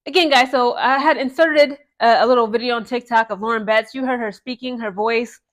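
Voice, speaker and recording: A young woman talking casually to her viewers about women's basketball, chatty and animated, often tossing in "okay?" and "guys" asides. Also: a little high, brisk. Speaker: sports commentary vlogger. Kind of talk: casual vlog commentary.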